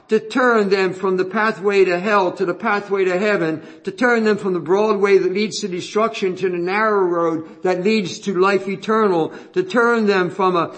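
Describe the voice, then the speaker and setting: A male preacher with a high voice delivers an expository sermon. He talks earnestly, repeats his key phrases for emphasis and slows down when he reads scripture aloud.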